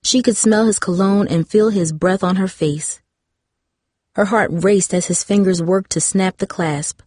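A woman narrating a novel in a measured audiobook reading, giving the characters light voices of their own. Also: medium pitch, a little mellow, no room sound, clean studio sound.

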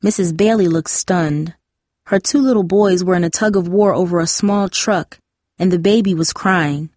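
A woman narrating an audiobook in a measured, dramatic reading style. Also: lowish voice, a little mellow, dry recording, studio quality.

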